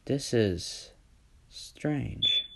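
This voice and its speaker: A man doing a quiet, thoughtful young hero. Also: fairly low pitch, animated, extremely slow, vocal fry, breathy edge, heavily acted. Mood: musing.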